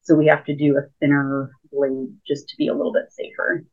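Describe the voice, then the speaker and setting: Low-voiced woman on a tinny call line. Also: big pitch swings, a little fast. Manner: chatty, explains with many fillers. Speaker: guest, lightsaber school founder. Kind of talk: casual remote interview. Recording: tinny phone-like call audio.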